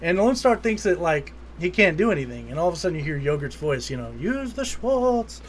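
Animated man recapping a movie. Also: on the high side, fast talker, slight background noise. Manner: animated retelling, quotes lines in put-on voices. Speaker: podcast co-host. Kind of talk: casual movie recap chat.

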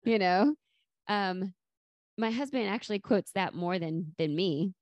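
The recording is muffled but echo-free as the podcast co-host talks casually about a sitcom episode. Her mid-range voice keeps a measured pace, and she livens things up by acting out quotes with laughter.

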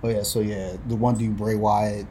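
A man's voice: fairly low pitch, little pitch movement, moderate pace, mellow, slight background noise. A young adult man co-hosting a podcast, talking in a casual, crude, joking way and swearing a lot. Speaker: podcast co-host. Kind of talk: casual chat.

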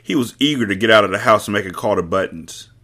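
A man's voice: lowish voice, lively intonation, quick pace, sharp tone. A man hosting a book club podcast, reading a novel aloud and breaking in with wry, joking asides. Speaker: host, book reader. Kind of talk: audiobook-style reading with commentary.

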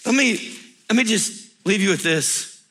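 Man, middle-aged, pastor, sermon, emphatic, animated, bright tone, slightly high voice. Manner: emphatic and animated, with laughing asides.

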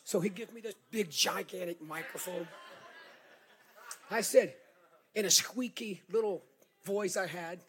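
A middle-aged male pastor with a Southern accent delivers a sermon, telling it like an animated storyteller who repeats words and builds up to shouting. His voice is high-pitched, and he keeps a measured pace with frequent pauses.

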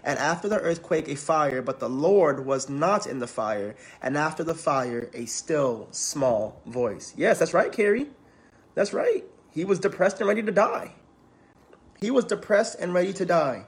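A man's voice: fairly high pitch, expressive, moderate pace. A man preaching, reading scripture aloud and talking to the congregation in a conversational way. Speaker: preacher and counselor in training.

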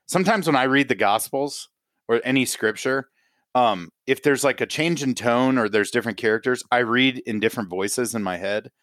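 A man's voice: medium pitch, normal speed, fairly bright tone, dry recording. A man hosting a podcast, chatting casually and teasing his guest with a laugh. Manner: playful, teasing, laughs a lot. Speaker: podcast host.

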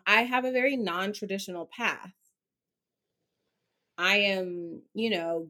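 An outspoken, expressive woman talks candidly as an interview guest, swearing casually as she goes. Her voice sits at a medium pitch.

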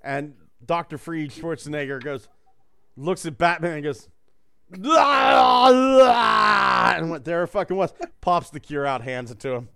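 A man's voice: a little high, normal speed, a bit bright, smooth. A man co-hosting a casual podcast chat, rambling and joking, swearing freely.

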